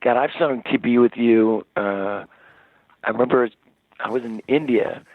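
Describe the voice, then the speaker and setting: A man, a rock singer as interview guest, telling stories in a rambling, animated way with many restarts, over the phone. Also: mid-range voice, a little slow, no room sound. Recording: tinny dry phone line.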